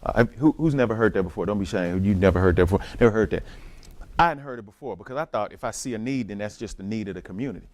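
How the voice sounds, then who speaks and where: A man with a Southern US accent leading a church community-engagement workshop, teaching in a lively preacher style and talking straight to the room. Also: lowish voice, racing. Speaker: workshop leader. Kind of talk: church community training talk.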